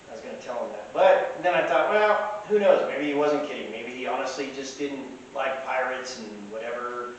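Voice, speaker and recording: A man's voice: mid-range voice, normal speed, hardly any pauses. A man casually telling rambling anecdotes from costume fairs. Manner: rambling, chatty. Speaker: storyteller. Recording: echoey room, distant mic, faint hiss.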